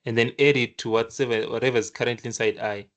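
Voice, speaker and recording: A programming tutor with a mid-range voice runs a screen-share coding lesson, talking casually and restarting often as he thinks aloud. He's animated, slipping in quick acted-out asides where the computer scolds him.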